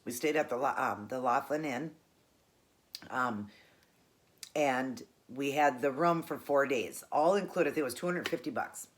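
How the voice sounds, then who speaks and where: A woman's voice: extremely low pitch, a little slow. A woman hosting her own channel, telling a personal story in a chatty, rambling way and correcting herself as she goes. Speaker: cooking channel host.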